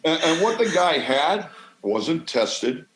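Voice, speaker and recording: A man from the American Midwest talks as a podcast guest, spinning stories in a swaggering, salty way. His voice is fairly high and swings widely. An echoey room surrounds him. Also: very animated, takes it slowly, a bit bright. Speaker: podcast guest, cannabis grower. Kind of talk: casual storytelling.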